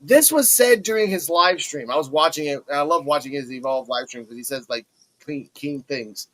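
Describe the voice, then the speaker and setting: A man hosting a casual wrestling review podcast, talking in an animated way and acting out the wrestlers' lines. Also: a little high, moderate pace, rough recording. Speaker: podcast host.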